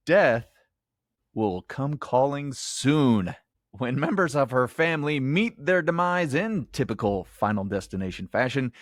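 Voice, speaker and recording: A man's voice: mid-range voice, no echo, studio quality. A man hosting a podcast, giving a chatty, casual movie review and laughing often. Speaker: podcast host. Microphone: headphones, home podcast mic.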